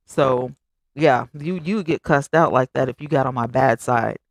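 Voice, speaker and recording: Speaking at a moderate pace with a creaky voice, a woman chats with her live-stream viewers and reads out their comments. Her delivery is lively and emphatic, rising high on exclamations as she addresses viewers directly. Studio quality, no echo.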